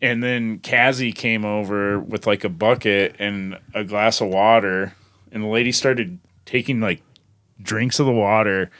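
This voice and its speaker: A man's voice: on the low side, fairly even intonation, unhurried, a bit bright. A man hosting a podcast, asking curious questions and telling a story of his own in casual chat. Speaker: podcast host.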